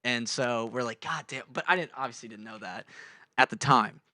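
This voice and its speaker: A man's voice: medium pitch, moderate pace, pushed and bright, no echo. A young man co-hosting a podcast, telling a rambling story in casual chat, swearing and acting out the voices of the people in it. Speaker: podcast co-host.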